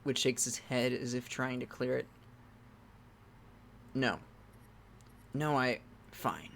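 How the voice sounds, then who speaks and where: A man reading a text adventure game aloud, breaking off into loud startled exclamations, with game music playing behind him. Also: mid-range voice, fairly even intonation, slow, gravelly, pauses often.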